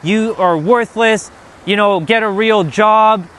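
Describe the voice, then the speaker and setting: A man's voice: high-pitched, slow, pitched above the performer's own voice. A man mimicking a drunk, raging father. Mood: angry. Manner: shouting insults. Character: drunk, furious middle-aged father yelling.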